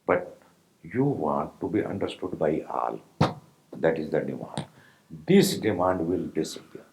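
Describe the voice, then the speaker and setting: Deep-voiced Indian spiritual teacher, lively. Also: male voice, creaky, low-quality recording. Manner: slow, pausing, rhetorical questions to listeners. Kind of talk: spiritual discourse to meditators.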